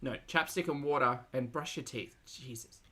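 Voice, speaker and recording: A woman's voice: very deep voice, normal speed, very noisy. A woman streamer casually commenting on a video, chatty and sarcastic, swearing and laughing often. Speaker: reaction streamer.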